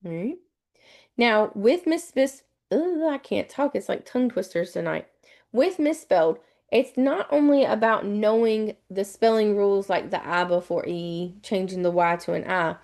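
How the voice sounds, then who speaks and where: A woman's voice: mid-range voice, moderate pace, creaky, a little mellow. A middle-aged woman teaching a live online lesson on spelling rules, explaining patiently and spelling words out letter by letter.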